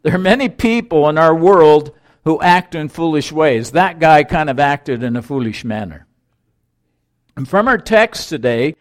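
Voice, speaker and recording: Slow, measured male preacher. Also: a little high. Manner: measured, deliberate, storytelling. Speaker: pastor. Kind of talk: sermon.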